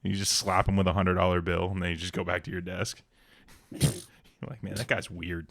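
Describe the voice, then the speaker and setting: A man's voice: low voice, a little fast, creaky. A man co-hosting a casual comedy podcast, telling stories with lots of energy and slipping into exaggerated voices for the people in them. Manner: animated storyteller, jumps into exaggerated voices for people in his stories. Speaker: podcast co-host.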